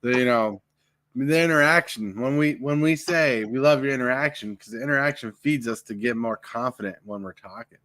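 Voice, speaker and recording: A man talking casually on a late-night live podcast from home, passing on advice in a coaching way. His voice is bright and forward, recorded dry and close with no room echo. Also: mid-range voice, brisk. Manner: coaching, gives tips on projecting voice. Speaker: podcast host. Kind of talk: casual live-stream chat.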